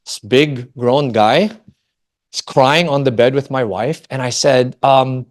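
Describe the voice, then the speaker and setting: A man in his forties from the Philippines, giving a Christian family talk and telling a personal story with lively, animated delivery and frequent questions to the audience. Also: medium pitch, normal speed. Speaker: family ministry speaker.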